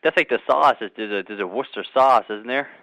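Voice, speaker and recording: A man's voice: medium pitch, quick pace, pushed and bright, dry recording, low-quality recording. A man from Canada, hosting a casual interview in an easygoing way. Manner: easygoing, laughs often. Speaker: radio show host.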